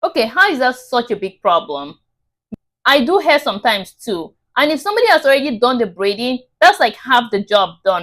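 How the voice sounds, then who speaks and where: Woman reaction host, higher voice with lively pitch, reasoned indignant commentary.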